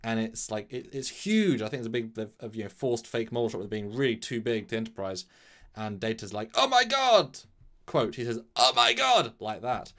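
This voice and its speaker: A man co-hosting a casual chat, recapping a story from memory in a rambling, animated way with sudden jumps in pitch. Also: brisk. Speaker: podcast co-host recapping an episode from memory.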